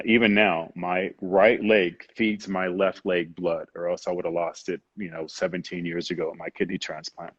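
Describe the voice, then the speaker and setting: A man's voice: deep voice, breathy edge, no room sound, highs cut off. A man as an interview guest, telling a personal story with candid emotion, often saying "you know" and acting out what others said.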